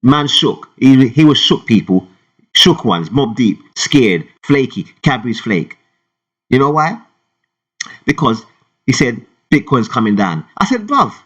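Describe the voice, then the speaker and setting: A London man talking straight to his viewers about crypto, slangy and rambling, his voice jumping up high and loud, then dropping low. His pitch sits in a middle range for a man. The recording sounds dull and a little lo-fi. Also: very animated, a little slow, long pauses. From England. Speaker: crypto vlogger. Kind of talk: casual talk to camera.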